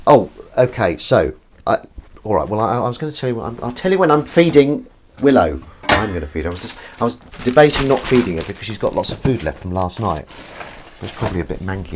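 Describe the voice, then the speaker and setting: A man with a fairly low voice chats to his viewers as he washes up, drifting between asides and poking fun at himself. His talk is loose and full of restarts. Plates, pans and cutlery clatter clearly behind him in a home kitchen. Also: noisy background. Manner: chatty and rambling, self-deprecating, frequent restarts and asides to viewers. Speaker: livestream host. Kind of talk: casual chat while washing up, reading viewer comments.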